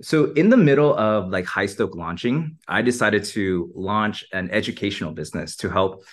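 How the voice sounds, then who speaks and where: A marketing entrepreneur appears as a podcast guest in a casual conversational interview, sounding upbeat and using lots of "like" and "you know" fillers. His voice is expressive, on the low side, and at normal speed.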